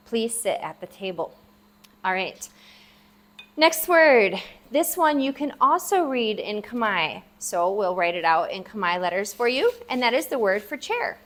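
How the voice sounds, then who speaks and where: A woman gives a relaxed vocabulary lesson at an unhurried pace. She sounds out each syllable again and again, stressing it for the learner. Her pitch sits in a middling range. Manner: slow, patient, sounds out syllables repeatedly. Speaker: language teacher. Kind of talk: casual spoken lesson. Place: at a table, writing for the viewer.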